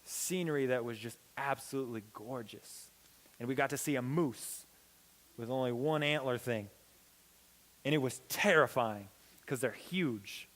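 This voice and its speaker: A young man giving a youth sermon as a pastor, telling a story with lively acted-out dialogue. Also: unhurried. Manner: animated, acts out quoted dialogue with big pitch swings. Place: church hall. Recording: long hall reverb.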